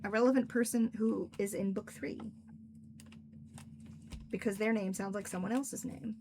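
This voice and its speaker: A woman's voice: medium pitch, fairly even intonation, moderate pace, background noise. A young woman, an author, chatting casually and rambling on a livestream, laughing often. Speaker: author and streamer.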